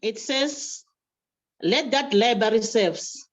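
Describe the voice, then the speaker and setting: A woman's voice: fairly high pitch, slow. A woman chairperson at a library event, emotional, reciting a poem in rhythmic repeated phrases. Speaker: branch chairperson.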